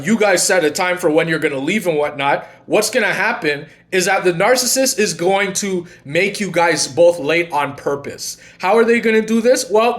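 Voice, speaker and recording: A man's voice: a little high, fairly bright tone. A man hosting his own channel, speaking in a casual monologue and telling long, earnest stories. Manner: earnest, long-winded storytelling. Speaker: channel host and coach.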